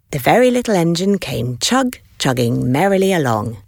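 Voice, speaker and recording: A woman reading a children's storybook aloud, expressive and deliberate, doing many voices. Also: lowish voice, gravelly, no echo, studio quality.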